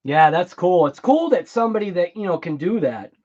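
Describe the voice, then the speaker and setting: A man's voice: sits high, expressive, brisk, darkish tone, lo-fi sound. A man with a US East Coast accent hosting a casual remote-control hobby livestream, chatting and reacting to viewer comments. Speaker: RC livestream host.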